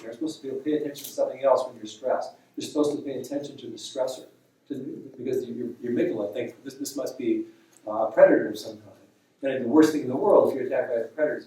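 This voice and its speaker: Guy giving a brain science lecture, mellow voice, lots of restarts, echoey room far from the mic. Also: medium pitch. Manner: explanatory, halting restarts. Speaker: neuropsychologist lecturer. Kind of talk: public lecture. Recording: roomy hall, distant mic.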